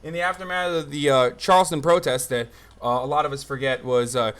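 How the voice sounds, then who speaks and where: A man's voice: medium pitch, fairly even intonation, brisk, a bit bright. A young man streaming live commentary, rambling, swearing and easily exasperated, recorded on a phone. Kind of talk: livestream commentary.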